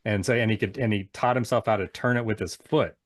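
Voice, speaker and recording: A man's voice: fairly low pitch, steady tone, fast, dry recording, clean studio sound. A man hosting a casual music podcast, eagerly retelling band stories and laughing often. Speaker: podcast host. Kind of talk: casual chat.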